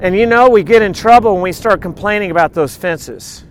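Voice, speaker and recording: A middle-aged man preaching a sermon, reading scripture aloud and breaking into animated, joking asides. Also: high voice, a little fast, slight background noise. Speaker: pastor.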